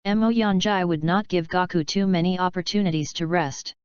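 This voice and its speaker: A woman reads a fanfiction story aloud in a steady, even narrating voice. Her voice sits a little low and sounds very smooth and clean. The recording is dry and a bit dull. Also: normal speed, dry recording. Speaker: audiobook narrator. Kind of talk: reading a fanfiction audiobook.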